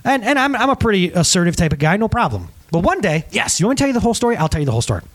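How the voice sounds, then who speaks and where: A middle-aged male pastor delivers a lively sermon with a high voice that swoops all over. He jokes with the room and acts out the people in his stories. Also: rapid-fire. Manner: animated, joking, acts out quotes. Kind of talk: sermon with storytelling.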